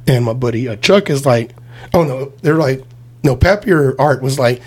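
A man's voice: medium pitch, moderate pace, slightly rough. A man telling profane drinking stories in casual podcast chat, acting out the quotes as he goes. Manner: profane, animated storytelling with acted-out quotes.

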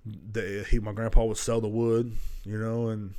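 A man's voice: fairly low pitch, little pitch movement, moderate pace, mellow. A young man talking alone on his own podcast, cussing constantly and wandering off topic from story to story. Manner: profane, loose, jumps between stories. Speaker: podcast host. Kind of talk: solo rambling podcast monologue.

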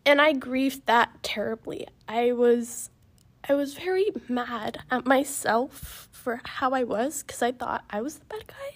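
A young woman telling a personal story in a casual chat, emotional and halting, with many fillers. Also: high-pitched, expressive. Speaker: guest.

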